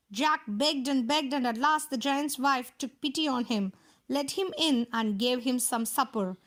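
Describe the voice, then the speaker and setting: A woman reading a fairy tale aloud for children in a steady storytelling manner. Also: high-pitched, a little slow.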